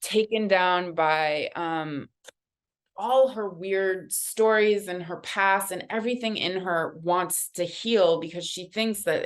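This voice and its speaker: Animated woman telling a story over oracle cards. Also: fairly low pitch, slow. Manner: animated, conversational, many fillers. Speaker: guest artist reading oracle cards. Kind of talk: casual storytelling during a card reading.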